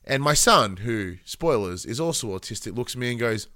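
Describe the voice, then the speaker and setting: A man's voice: mid-range voice, lively intonation, moderate pace, pushed and bright, no room sound, clean studio sound. An Australian man in his thirties, co-hosting a podcast in a casual chat, rambling with lots of fillers and self-deprecating asides. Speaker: podcast co-host.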